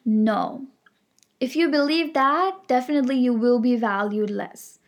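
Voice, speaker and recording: A woman's voice: a little high, a little slow. A woman giving an earnest motivational talk, emphatic and repetitive, full of affirmations and frequent "like" fillers. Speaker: self-help speaker. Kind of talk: motivational monologue.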